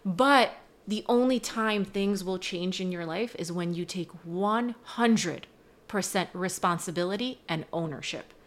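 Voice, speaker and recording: A woman's voice: fairly low pitch, unhurried. A woman speaking as a guest coach on a podcast, earnest and emphatic, building her points with growing force. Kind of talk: casual podcast chat.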